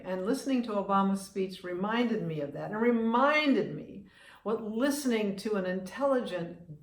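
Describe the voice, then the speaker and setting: A woman's voice: mid-range voice, reverberant. A woman in her seventies from the United States, talking casually to camera on her own vlog, chatty and opinionated, often restarting her sentences. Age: 70s. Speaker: vlogger and humorist.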